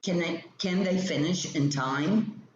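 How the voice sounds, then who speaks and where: A male teacher slowly reading a grammar textbook lesson aloud, explaining each example sentence step by step. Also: high voice. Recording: roomy, dull lo-fi sound with faint ambient noise.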